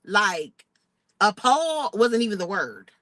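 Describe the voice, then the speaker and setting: A young woman, telling a personal story in a casual vlog, animated and expressive. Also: medium pitch, slow pace, no room sound, low-quality recording. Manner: animated, expressive retelling with outraged quoted asides. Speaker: vlogger.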